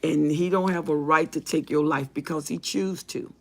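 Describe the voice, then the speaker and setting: A woman's voice: sits low, steady tone, moderate pace, gravelly. A woman hosting a live advice stream, reading viewer comments aloud and answering them with emphatic, repetitive, preacher-like encouragement. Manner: religious encouragement.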